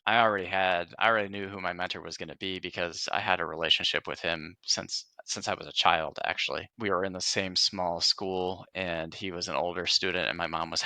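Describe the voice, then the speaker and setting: A man with a very deep voice that still sounds bright and forceful. He speaks earnestly and reflectively as a podcast guest, often restarting his sentences. The sound is dry and close to the mic. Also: vocal fry, no room sound. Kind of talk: casual interview conversation.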